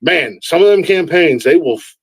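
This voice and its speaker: A man hosting a casual live-stream interview, excitable and stammering through restarts, swearing freely. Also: a little high, moderate pace, creaky, slightly rough, no echo, rough recording. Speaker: host.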